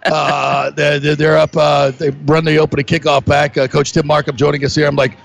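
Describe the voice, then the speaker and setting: A man hosting a sports talk show, telling a lively story and acting out the voices of the people in it. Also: on the high side, brisk, vocal fry. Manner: animated storyteller, acts out quotes. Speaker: sports radio host.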